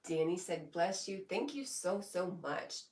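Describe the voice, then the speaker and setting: Slow-talking woman reading stream comments. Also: fairly low pitch, far from the mic. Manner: slow, relaxed, laughs often between comments. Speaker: live streamer. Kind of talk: casual live stream chat, reading comments aloud. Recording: echoey room, voice a bit off mic.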